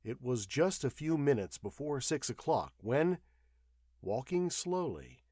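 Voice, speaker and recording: A man reads a story aloud as an audiobook narrator. His delivery is expressive, with a very lively, wide-ranging pitch. The recording is dry and close. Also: breathy edge, no room sound. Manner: expressive, acts out voices.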